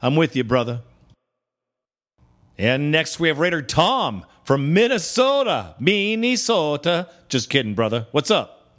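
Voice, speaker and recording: Male call-in host, slightly high voice, blunt and buddy-buddy. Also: big pitch swings, unhurried, long pauses, fairly bright tone. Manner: blunt, chummy, calls callers brother. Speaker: podcast host. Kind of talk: casual call-in show hosting.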